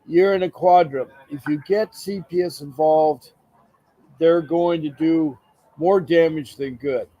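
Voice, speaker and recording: A man hosting a call-in show, asking questions and giving calm advice. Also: fairly high pitch, a little slow, rough recording. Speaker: host.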